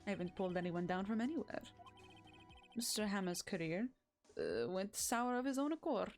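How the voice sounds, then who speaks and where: A haughty, icy woman director speaks in a slow, clipped way, wrapped in a foreign accent that never settles on one place, as a woman puts her on. The voice sits at a middle pitch. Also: expressive, faint music behind, close to an everyday voice. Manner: put-on foreign accent, vague and drifting. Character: cold aloof woman film director, haughty.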